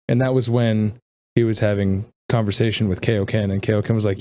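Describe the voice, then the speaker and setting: A man's voice: lowish voice, fairly even intonation, fairly quick, a little mellow, slight background noise. Guy running a tabletop game, rambly and loose, swears a bit, cracks jokes at the players. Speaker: game master.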